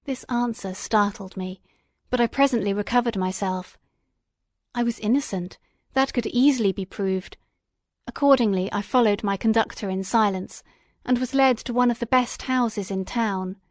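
A woman reading a classic novel aloud as an audiobook, in a measured, expressive and dramatic way. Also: fairly high pitch, dry recording, clean studio sound. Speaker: audiobook reader.

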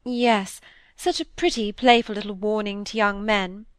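A woman reading the part of a fussy, vain middle-aged Victorian stepmother, fretful and a little higher in pitch. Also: steady tone, unhurried, smooth, no room sound, studio quality, natural voice. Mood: gushing. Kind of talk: audiobook character reading.

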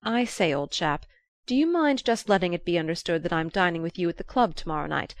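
A woman's voice: on the low side, lively intonation, a little fast, no echo. A woman reading aloud who voices a breezy society man, hearty and offhand. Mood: chummy.

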